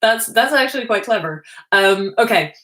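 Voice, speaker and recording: Sitting on the floor indoors, this livestream host reads out chat messages and talks casually, often laughing and making self-deprecating jokes. Her voice sits on the high side, bright and forceful, animated at a moderate pace, with noticeable room echo.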